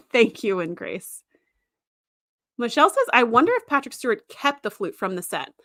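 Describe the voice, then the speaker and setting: Woman, young adult, casual livestream talk, emphatic, bright tone, dry sound. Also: a little high, sing-song, normal speed, no room sound. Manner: chatty and emphatic, with frequent fillers. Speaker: show host.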